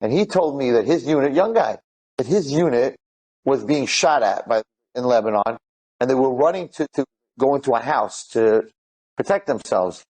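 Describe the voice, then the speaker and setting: A man, retelling stories in an excited, rambling way, mixing in Hebrew and Yiddish words. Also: mid-range voice, normal speed, breathy edge. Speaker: speaker telling inspirational stories. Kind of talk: animated storytelling talk.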